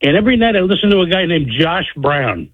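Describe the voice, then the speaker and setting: A man phoning in to a radio show, rambling along with ums and uhs. His voice sits fairly high. The line sounds dull and muffled. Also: sing-song, fast talker, slightly rough. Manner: rambling, hesitant fillers. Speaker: caller. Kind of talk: phone-in call.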